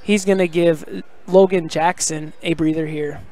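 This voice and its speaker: This is live play-by-play of a high school basketball game, delivered by a man at a measured pace from the gym. He's excitable, yells when the big plays happen, and drifts into relaxed, conversational side comments.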